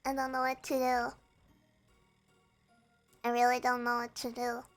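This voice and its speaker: A woman's voice: fairly high pitch, completely flat delivery, unhurried, soft background music. A young woman streamer chatting casually while sick and feverish, her voice strained, fretful and rambling with frequent laughs. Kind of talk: casual livestream chat.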